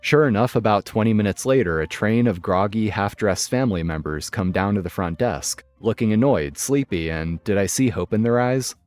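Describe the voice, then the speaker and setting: Low-voiced man narrating stories. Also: normal speed, hardly any pauses, a little mellow. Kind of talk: scripted story narration. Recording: dry close mic with faint music.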